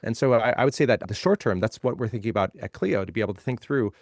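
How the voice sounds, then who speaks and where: A man's voice: lowish voice, animated, fast, a little mellow, dry recording, studio quality. A man being interviewed as a legal tech guest, explaining ideas in a conversational way and building points by repeating phrases.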